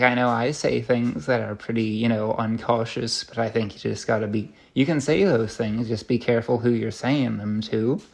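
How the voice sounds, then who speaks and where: A man's voice: mid-range voice, gravelly. A young man talking straight to camera in a confessional vlog, rambling and rueful, often restarting his sentences. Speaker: vlogger.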